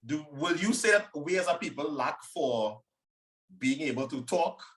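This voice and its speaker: A man in his forties with a Trinidadian accent touched by American speech, telling stories in a confident, animated way as an interview guest. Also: on the high side, a little slow, distant mic, low-quality recording. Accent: Trinidadian with American influence. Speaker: guest, former Olympic sprinter. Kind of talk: casual interview talk.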